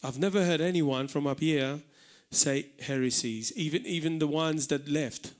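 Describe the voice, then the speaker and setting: A man from Malta with a Maltese accent, preaching an animated sermon in a church hall. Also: a little high, moderate pace. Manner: animated preaching, shouting out acted warnings.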